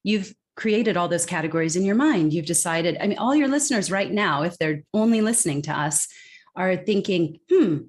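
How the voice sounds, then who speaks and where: A woman's voice: fairly low pitch, animated, normal speed. A woman from California with a general American accent, a guest speaking emphatically in an interview and acting out the voices she quotes. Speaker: guest expert. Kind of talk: conversational interview.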